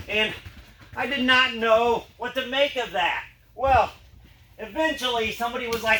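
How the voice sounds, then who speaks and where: A man's voice: very high voice, unhurried, pushed and bright. A man telling a playful story while performing with his dogs for an audience. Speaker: juggler and dog trick performer. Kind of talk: storytelling to an audience during a show. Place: performance space. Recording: echoey room from far off, noisy.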